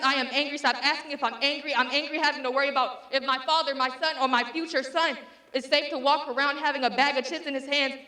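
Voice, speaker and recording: A woman's voice: high voice, bright, forceful tone, reverberant. A woman performing a spoken word poem with a rhythmic, impassioned and defiant delivery. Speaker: student poet.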